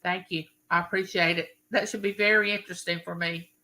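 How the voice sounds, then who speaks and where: Bright-voiced woman chatting live. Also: lowish voice, steady tone, a little fast, poor audio. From Mississippi. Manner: friendly, greets viewers by name, rambling. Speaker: live-stream host. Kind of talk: chatty live-stream greeting viewers.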